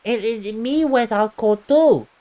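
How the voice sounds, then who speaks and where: A woman's voice: a little high, measured pace, dark tone, pitched above the performer's own voice, natural voice. Brief: woman voicing a simple, lisping cartoonish dog sidekick, voice pushed well up. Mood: worried. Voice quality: lisp, talks about itself as "me".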